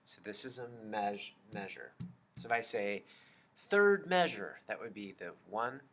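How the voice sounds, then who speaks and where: A man teaching a children's music lesson, explaining slowly and patiently and chanting rhythm syllables. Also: fairly low pitch, a bit bright.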